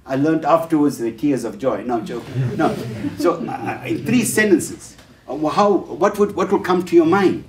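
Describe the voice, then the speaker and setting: A man's voice: fairly high pitch, moderate pace, crowd noise. A man giving a workshop talk on family life, telling stories and acting out the dialogue with hesitant fillers. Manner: storyteller who acts out the dialogue in changed voices, with frequent fillers. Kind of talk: lecture told through stories. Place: talk venue, roomy space. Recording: roomy echo, distant mic.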